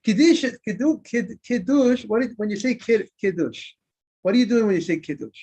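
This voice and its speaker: A man's voice: high-pitched, lively intonation, normal speed, warm tone, slightly rough. A man, a rabbi, teaching an informal Talmud class, often repeating words and asking his students questions that he then answers himself. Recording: dull lo-fi recording.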